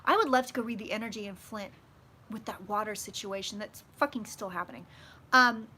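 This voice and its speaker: A woman chatting casually with her viewers on a live stream, swearing freely and swinging loud and soft as she talks. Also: mid-range voice, a little fast, breathy edge. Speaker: psychic vlogger hosting a live stream.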